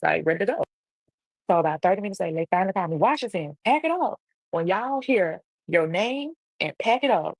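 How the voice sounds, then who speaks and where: Fast-talking husky woman with gravelly fry. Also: fairly low pitch, no echo, low-quality recording. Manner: animated, acts out quoted voices. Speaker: livestream storyteller. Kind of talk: casual storytime monologue. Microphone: livestream computer mic.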